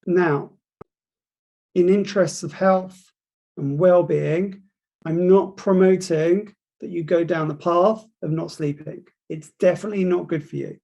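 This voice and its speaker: A man's voice: sits high, steady tone, unhurried, creaky, mellow. A man in his forties telling his career story to university students, acting out conversations as he goes. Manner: storytelling, acts out dialogue, frequent restarts. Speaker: property industry guest speaker. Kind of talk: motivational talk to students.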